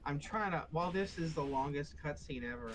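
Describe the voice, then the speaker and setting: A man's voice: fairly high pitch, lively intonation, a little fast, low-quality recording. A young man from Pennsylvania rambling casually while gaming, swearing heavily and filling gaps with "like". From Pennsylvania, USA. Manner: rambling, heavy swearing, fillers like "like". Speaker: gamer.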